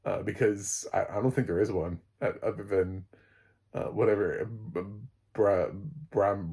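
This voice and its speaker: A man's voice: fairly low pitch, a little mellow, breathy edge. A man reviewing a TV episode in casual solo chat, rambling with many fillers and restarts and often laughing.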